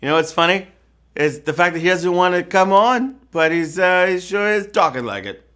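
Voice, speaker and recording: A man hosting a live trivia game show, goofy and teasing, squealing high and singing bits with faint music behind. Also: animated, normal speed, fairly bright tone, smooth. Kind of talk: live-streamed trivia hosting, playful banter. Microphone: phone.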